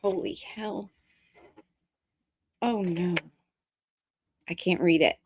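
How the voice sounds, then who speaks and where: A woman's voice: fairly low pitch, drawn-out words, noisy background. A woman hosting a live stream, chatting casually with viewers in a rambling, joking and bluntly profane way. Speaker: streamer host.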